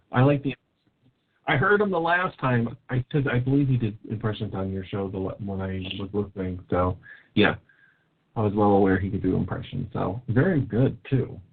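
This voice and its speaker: Husky man radio co-host. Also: on the low side, normal speed. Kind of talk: radio interview. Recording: phone line.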